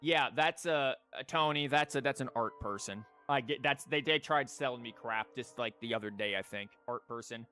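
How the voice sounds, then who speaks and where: A man in his thirties chats loosely while streaming a game, mid-pitched and jokey, tripping over fillers and restarts. Game music sits faintly behind his voice. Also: moderate pace, hardly any pauses, sharp tone. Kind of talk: casual live-stream chat while gaming.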